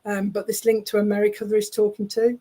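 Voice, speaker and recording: A woman working as a spiritualist medium, relaying spirit messages over a video call in a chatty, halting, reassuring way. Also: mid-range voice, completely flat delivery, warm tone.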